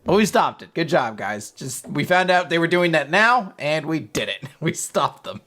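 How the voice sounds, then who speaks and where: A man casually recapping a comic chapter, swearing freely and slipping into quick silly voices for the characters. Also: a little high, big pitch swings, bright, forceful tone. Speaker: podcast co-host recapping manga. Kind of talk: casual chat.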